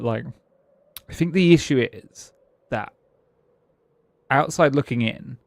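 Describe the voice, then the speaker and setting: A man's voice: medium pitch, dry recording, studio quality. A British man streaming a game and musing aloud in casual chat, with frequent chuckles and restarted sentences. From Britain.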